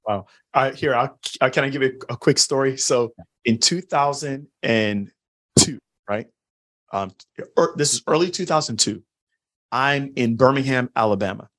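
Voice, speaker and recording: A man hosting a podcast, telling a story in a casual, enthusiastic way with quick asides. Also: mid-range voice, a bit bright. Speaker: podcast host. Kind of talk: casual interview chat.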